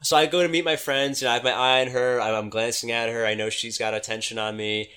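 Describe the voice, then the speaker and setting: A man on a casual podcast, telling a dating story in an animated way and swearing freely. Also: mid-range voice, fast, clean tone. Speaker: dating coach.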